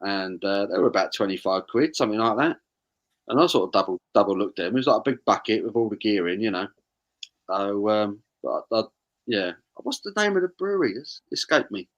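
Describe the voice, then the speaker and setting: Bloke on a live stream, lowish voice, friendly rambling chat, mate this mate that. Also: male voice, expressive, fairly quick, lo-fi sound. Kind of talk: casual pub-style live-stream chat.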